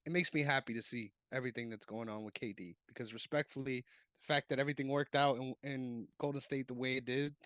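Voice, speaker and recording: A man co-hosting a casual sports podcast, animated and laughing, swearing freely. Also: medium pitch, fast, no room sound, clean studio sound. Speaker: podcast co-host.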